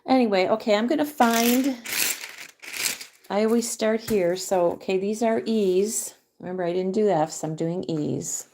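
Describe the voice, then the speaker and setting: Slow, soft-spoken woman. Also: medium pitch, slight background noise. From Michigan. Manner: soft-spoken, drifting into near-whispers. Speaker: vlogger. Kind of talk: casual crafting chat.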